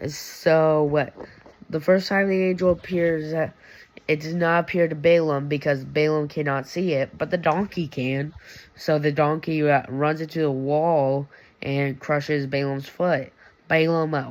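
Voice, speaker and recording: Man, casual Bible video host, slangy, self-correcting, slow pace. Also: fairly high pitch, dull audio. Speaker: video creator teaching the Bible.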